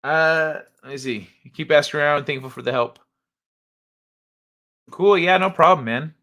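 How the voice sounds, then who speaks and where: Male streamer, relaxed and rambling, slightly high pitch. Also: measured pace. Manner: laid-back, hesitant, full of fillers. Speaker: livestream host. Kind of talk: casual chat with viewers.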